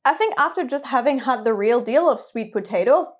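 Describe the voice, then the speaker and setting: A woman's voice: on the high side, expressive, fairly quick. A young woman co-hosting a podcast in casual chat, chatty and giggly. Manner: chatty, giggly, lots of "like" fillers. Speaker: podcast co-host.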